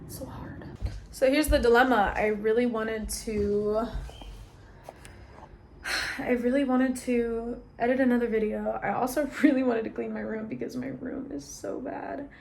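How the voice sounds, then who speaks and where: A woman's voice: on the high side, fairly even intonation, unhurried, gravelly, darkish tone, slight background noise. A young woman vlogging from her bedroom in a chatty, storytelling way, full of slang. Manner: chatty, storytelling, uses slang like "y'all" and "you feel me". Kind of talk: casual vlog chat. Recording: echoey room.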